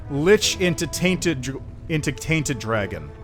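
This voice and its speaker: A man in casual chat as he streams a game, reading lines aloud as he goes. His voice sits a little high. Quiet game music plays underneath. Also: big pitch swings, slow. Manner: casual, offhand, reads dialogue aloud.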